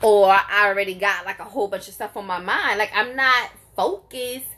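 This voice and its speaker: A woman's voice: mid-range voice, moderate pace, bright, forceful tone. A woman, telling a story to her live chat in a casual, emphatic, exasperated way, repeating herself for effect. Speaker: vlogger greeting live viewers.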